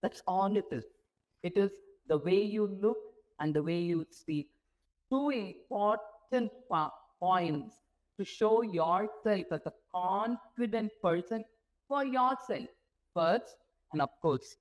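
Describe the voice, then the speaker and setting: A woman's voice: fairly low pitch, lively intonation, takes it slowly, low-quality recording. A woman giving an interactive motivational talk to nurses from a stage, often asking the audience questions. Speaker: guest speaker. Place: symposium stage before an audience.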